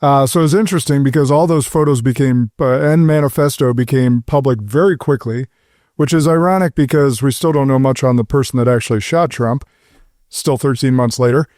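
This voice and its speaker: Host, male, middle-aged, earnest and measured, warm dark tone, dry close sound. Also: medium pitch, dry recording. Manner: earnest, measured, speaks as a father. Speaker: podcast host. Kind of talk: roundtable discussion.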